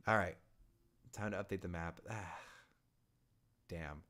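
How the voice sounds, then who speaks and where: Excitable man calling a video game. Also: lowish voice, a little slow, long pauses. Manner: excitable, rises to shouts on big plays then drops to muttering. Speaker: gaming YouTuber. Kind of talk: play-by-play commentary over a video game.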